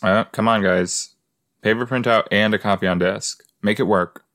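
A man's voice: lowish voice, fairly even intonation, moderate pace, fairly bright tone, dry recording, clean studio sound. A man hosting a casual watch-along podcast, chatting in a rambling way and talking to his listeners. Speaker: podcast host.

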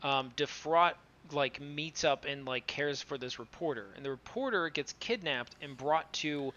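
Man co-host, bright edgy voice, exasperated and swearing, muffled lo-fi mic. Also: fairly high pitch, a little slow. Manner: exasperated, swears freely, laughs. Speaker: podcast co-host. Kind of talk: casual anime review chat.

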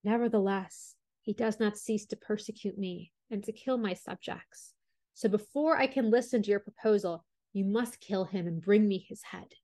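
A woman's voice: medium pitch, normal speed, warm tone, natural voice. A woman voicing a proud young princess in a storybook reading, speaking in an imperious, demanding way. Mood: haughty.

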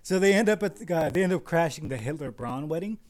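A young man co-hosting a comedy podcast, rambling through a film pitch with many fillers and laughs. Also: animated, fast, over a noisy crowd. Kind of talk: casual improvised comedy chat.

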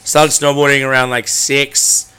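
A man, a podcast guest, talking in a laid-back, rambling way. His voice is bright and forward, smooth and clear, at an ordinary pitch. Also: level tone, unhurried. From Australia. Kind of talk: casual interview chat.

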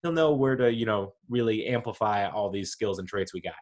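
A man's voice: fairly low pitch, lively intonation, a little fast. A man hosting a podcast, talking casually and enthusiastically, rambling and correcting himself as he goes. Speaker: podcast host. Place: home with dogs nearby.

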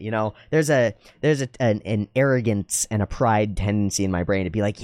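Animated man telling a story in a dry room. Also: fairly low pitch, fairly quick, hardly any pauses, no room sound. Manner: animated storyteller, acts out dialogue in voices; swears casually. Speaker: podcast host. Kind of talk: casual reflective monologue.

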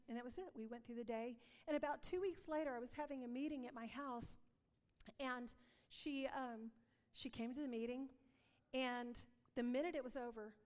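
A woman's voice: high-pitched, in a large hall. A woman giving an earnest testimony sermon, telling stories and acting out dialogue. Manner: earnest storytelling, acts out dialogue. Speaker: preacher.

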